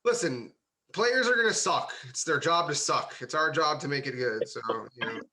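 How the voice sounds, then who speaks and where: A man's voice: fairly high pitch, sing-song, moderate pace, sharp tone, poor audio. A man co-hosting a casual tabletop gaming talk show, opinionated and jokey, rambling through his points. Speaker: podcast co-host, game master. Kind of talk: casual chat among friends.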